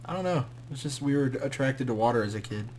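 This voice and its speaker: Un jeune homme détendu, co-animateur de podcast, qui bavarde tranquillement et approuve souvent son ami, sur un léger fond de bruit et de bourdonnement. Sa voix reste d'une hauteur moyenne. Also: male voice, medium pitch, fast talker, a little hiss or hum. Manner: relaxed, agreeable, chimes in briefly. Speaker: co-host. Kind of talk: casual chat.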